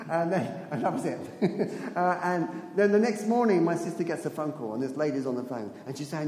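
A man's voice: a little high, lively intonation, normal speed, a little mellow. A man preaching a sermon in a chatty, storytelling way, laughing often and repeating phrases for emphasis. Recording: echoey hall with faint room noise.

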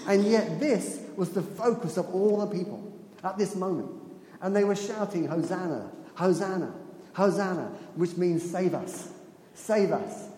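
A man delivers a sermon in a lively storytelling manner, stopping now and then to laugh at his own asides. His voice sits high for a man. It rings out through a large hall with a long, echoing reverb. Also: slight background noise. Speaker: preacher.

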